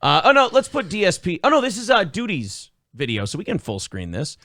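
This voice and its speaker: Sarcastic male show host, animated, fairly high voice, dry close sound. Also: fairly quick, no room sound. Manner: profane, sarcastic, loud outbursts. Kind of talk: live-stream talk show chat.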